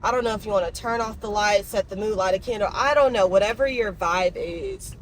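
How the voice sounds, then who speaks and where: A woman's voice: medium pitch, a little fast, slight background noise. A young woman, chatting emotionally and casually in a personal vlog. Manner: chatty, emotional, talks to her dogs in baby talk. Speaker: vlogger.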